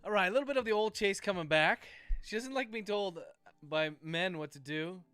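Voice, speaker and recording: A man's voice: sits high, moderate pace, bright, forceful tone, clean tone, no echo. A man who writes novels, dictating his book aloud with the punctuation spoken and chatting casually with livestream viewers, swearing freely. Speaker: author and livestream host.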